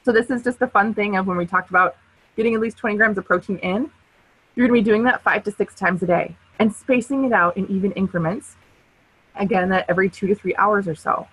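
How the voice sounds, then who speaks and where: A woman presenting a nutrition webinar in a chatty, lively way, acting out quotes as she tells stories. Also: medium pitch, fast talker, breathy edge, rough recording. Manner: chatty, lively storyteller who acts out quotes and laughs often. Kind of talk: casual webinar talk.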